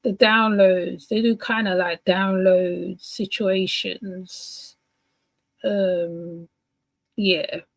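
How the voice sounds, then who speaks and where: A woman's voice: mid-range voice, little pitch movement, drawn-out words, vocal fry, dry recording, poor audio. Chatty woman with a dry close voice. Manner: rambling, chatty, many fillers and restarts. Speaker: commentator reacting to a clip. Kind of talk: casual reaction commentary.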